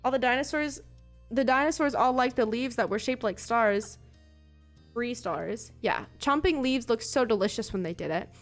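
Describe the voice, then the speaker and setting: A woman's voice: fairly high pitch, moderate pace, soft background music, lightly acted. A woman voicing a chatty cheerful boy. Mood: upbeat.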